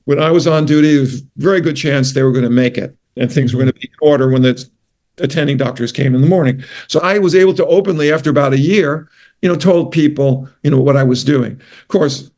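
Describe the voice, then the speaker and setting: A man's voice: fairly high pitch, darkish tone. Older New York man telling rambling stories. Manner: rambling, anecdotal, with self-corrections. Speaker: guest, retired physician. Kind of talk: casual interview storytelling.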